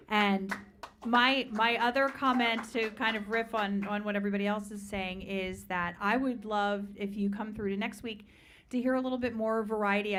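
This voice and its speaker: A woman judging a singer, giving gentle, encouraging notes. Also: medium pitch, slight background noise. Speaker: singing competition judge. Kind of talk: spoken critique.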